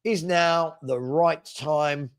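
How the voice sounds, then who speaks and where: A man's voice: on the high side, extremely slow, clean tone. A man hosting a casual live-stream fan chat, reading viewer comments in a playful, teasing way while he has a cold. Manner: chatty, playful, teasing, repeats himself.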